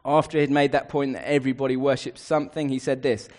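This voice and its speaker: A man's voice: mid-range voice, flat delivery, fast talker, darkish tone. Earnest man preaching a sermon. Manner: earnest, building emphatic lists.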